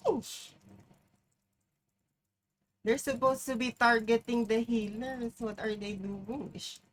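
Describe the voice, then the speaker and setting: A woman's voice: on the high side, steady tone, slow pace, poor audio. A woman streamer talking through a live game, exclaiming, swearing and poking fun at herself. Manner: swearing, exclaiming, self-mocking. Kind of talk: live gameplay commentary.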